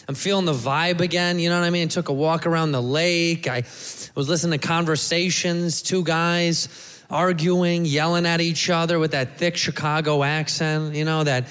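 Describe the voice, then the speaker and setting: High, bright male stand-up comic. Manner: crude, animated, shouts and drawls out the punchlines. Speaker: stand-up comedian. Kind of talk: stand-up set. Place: comedy club stage. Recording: reverberant club hall, faint noise.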